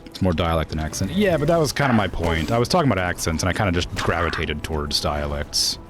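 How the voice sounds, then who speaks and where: A man's voice: low-pitched, expressive, fast. Brief: young male streamer, rambling and filler-heavy, noisy stream audio. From Florida. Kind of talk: casual gameplay stream chat.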